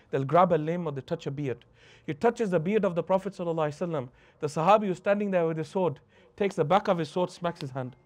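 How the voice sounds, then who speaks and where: A man's voice: a little high, a little mellow. A man teaching a religious lesson who tells stories, acts out the anecdotes and mixes Arabic phrases into his English. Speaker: Islamic teacher.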